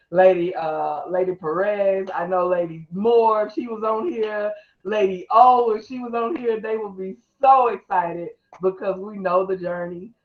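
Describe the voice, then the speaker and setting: Woman, host, excitable, emotional, roomy muffled video call audio. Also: fairly low pitch. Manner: excitable, emotional, laughing, calls on guests. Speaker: host and mentor. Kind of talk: casual video call chat.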